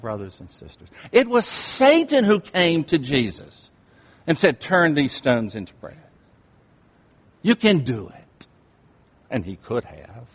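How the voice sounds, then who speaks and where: A male pastor preaching a sermon, swinging from hushed asides to emphatic, rising appeals. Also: medium pitch. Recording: reverberant hall.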